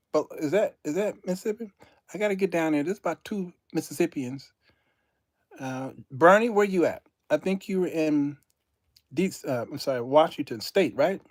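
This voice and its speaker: Laughing, lively storytelling man host. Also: a little high, no room sound, clean studio sound. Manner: animated storytelling, laughing often, addressing viewers as y'all. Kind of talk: casual live-stream chat.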